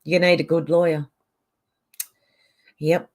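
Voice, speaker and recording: A woman hosts a casual live chat, reading out viewer comments and quickly agreeing or answering back. Her voice sits a little low for a woman, and she talks in a loose, easygoing way at home. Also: little pitch movement, a little mellow. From Australia.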